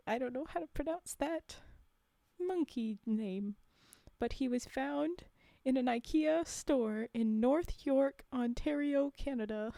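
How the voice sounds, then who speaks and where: Giggly high-voiced woman streamer. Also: slow, creaky, mellow, no room sound. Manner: giggly, rambling, frequently laughing. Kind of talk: casual live-stream chat.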